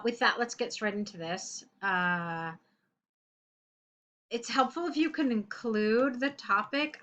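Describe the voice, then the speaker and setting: A woman's voice: medium pitch, a bit bright, highs cut off, a little hiss or hum. A woman English tutor reading a student's essay aloud and correcting it in a chatty, direct way.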